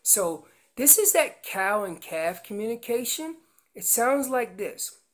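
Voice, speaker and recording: Slow-talking woman teaching elk calls. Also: on the high side, sing-song. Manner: explains with everyday comparisons; breaks into loud acted voices of calves and parents. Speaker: elk calling instructor. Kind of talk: seminar presentation with slides.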